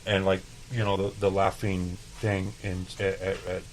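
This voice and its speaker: A man's voice: sits low, flat delivery, a little slow, slight background noise, rough recording. A man from El Paso, a chef and podcast guest, telling casual, profane stories and acting out past conversations. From El Paso, Texas. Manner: profane, laid-back, acts out dialogue. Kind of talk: casual interview storytelling.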